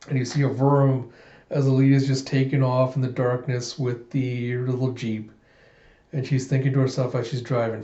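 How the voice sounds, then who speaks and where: A man narrating a comic book readthrough in a casual, animated way, slipping into quick voices for the characters. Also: medium pitch, echoey room, highs cut off.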